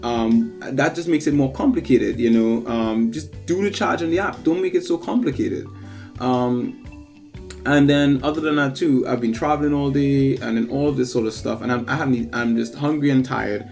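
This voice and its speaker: A man's voice: medium pitch, moderate pace, creaky, darkish tone, faint music behind. Man telling a rambling story. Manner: rambling anecdote with many fillers, acts out quoted voices. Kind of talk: casual storytelling chat.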